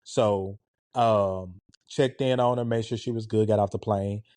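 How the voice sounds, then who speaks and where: Man in his forties, relaxed, dark-toned storyteller. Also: fairly low pitch, measured pace, no echo. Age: 40s. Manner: animated, conversational, with a laid-back, relaxed tone. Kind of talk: casual storytelling.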